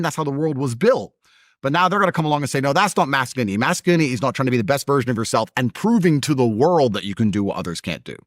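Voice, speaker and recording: A man's voice: a little high, a bit bright, no echo, clean studio sound. A man talking as a podcast guest in a blunt, emphatic, mocking way. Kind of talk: podcast conversation.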